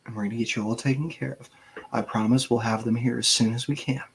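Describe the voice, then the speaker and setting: A man playing a calm male paramedic who speaks in a soothing, businesslike way. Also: medium pitch, fast talker, gravelly, husky. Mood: reassuring.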